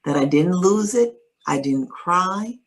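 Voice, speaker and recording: A woman earnestly telling a personal story in conversation, measured and steady, with pauses to find her words. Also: on the low side, poor audio. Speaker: guest sharing her story.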